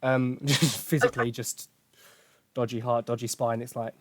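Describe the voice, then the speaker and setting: A man's voice: medium pitch, little pitch movement, measured pace, no echo. Chatty Essex man on a podcast. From England. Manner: chatty, swearing, jokey storytelling. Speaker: podcast host. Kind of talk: casual chat.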